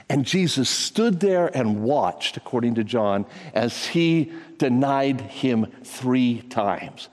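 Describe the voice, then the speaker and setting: An older man preaching a sermon, telling folksy stories with repeated phrases and sudden rises in pitch. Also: animated, slow, few pauses. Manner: folksy storytelling with repetitions and pitch jumps. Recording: long reverb of a large hall.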